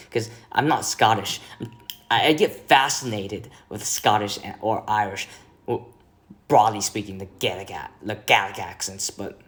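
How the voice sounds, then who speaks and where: Slow, rambling low-voiced man. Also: fairly bright tone. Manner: rambling and hesitant, restarting words. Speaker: streamer host. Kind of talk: casual chat.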